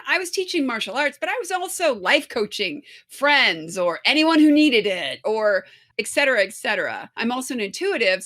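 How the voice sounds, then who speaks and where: Woman guest, bright, forceful tone; candid storyteller who mimics voices. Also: medium pitch. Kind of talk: podcast interview.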